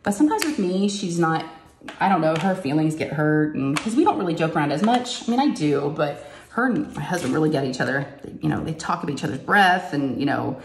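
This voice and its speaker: Middle-aged woman, chatty home vlogger, slightly low voice, echoey craft room. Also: expressive, a little fast. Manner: chatty storyteller who acts out quotes in a higher voice. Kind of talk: casual chat while diamond painting. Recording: echoey room, faint noise.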